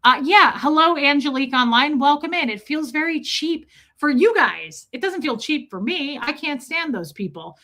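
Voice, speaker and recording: Bright-voiced woman chatting on a livestream. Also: high voice, moderate pace, few pauses. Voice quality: chatty, laughs often, animated storytelling. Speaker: livestream host. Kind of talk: casual livestream chat reading comments.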